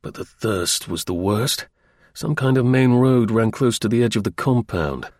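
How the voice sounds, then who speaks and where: A man reading a first-person story aloud as an audiobook narrator, in a measured, wry storytelling manner. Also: lowish voice, animated, darkish tone, no echo, studio quality.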